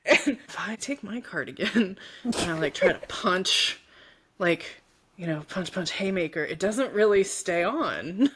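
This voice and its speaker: A woman's voice: fairly low pitch, measured pace, a little hiss or hum. A woman co-hosting a casual chat about games, laughing often and telling stories in a rambling way. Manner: laughing, animated, rambling storytelling. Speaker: podcast co-host.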